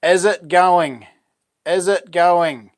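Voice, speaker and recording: A man's voice: high-pitched, steady tone, drawn-out words, no room sound, clean studio sound. A man with a New Zealand accent hosting a casual live stream and chatting back to viewers' messages.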